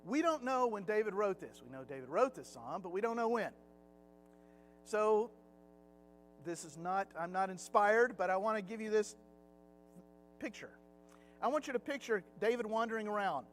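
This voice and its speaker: High-voiced middle-aged man teaching Bible class. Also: lively intonation, normal speed, pauses often, slight background noise. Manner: conversational, acts out quotes, chuckles at own jokes. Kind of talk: Sunday Bible class lesson.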